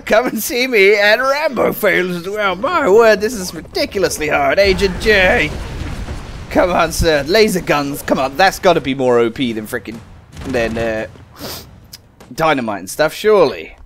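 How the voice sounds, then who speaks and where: Excitable gamer, lively pitch. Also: male voice, unhurried, slight background noise. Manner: excitable, self-mocking, talks to viewers. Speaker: gaming video host. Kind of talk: casual game commentary.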